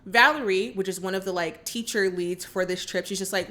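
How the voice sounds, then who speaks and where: A woman chatting through a movie recap in a loose, conversational way, dropping plenty of fillers as she goes. She turns indignant and scolding when a character misbehaves. Her pitch sits in an ordinary middle range. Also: brisk, bright, forceful tone. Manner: chatty, lots of fillers like "like" and "you know". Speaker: movie reaction vlogger.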